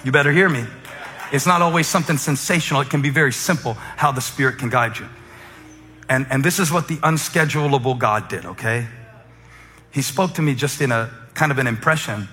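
A man preaching a sermon as a humorous, conversational story, with fillers and quick asides. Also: mid-range voice, sharp tone. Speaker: pastor. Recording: echoey hall with faint music.

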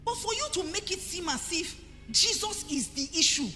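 A high-voiced Nigerian woman pastor preaches with a bright, sharp edge and swings her pitch widely. Her emphatic delivery rings through a reverberant church hall. Faint music plays underneath. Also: expressive, normal speed. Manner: emphatic, rising to forceful preaching. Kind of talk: sermon.

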